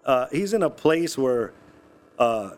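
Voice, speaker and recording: A man's voice: mid-range voice, expressive, slow pace. A man preaching a sermon, reading scripture and explaining it in a casual, conversational way with asides and jokes. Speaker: pastor.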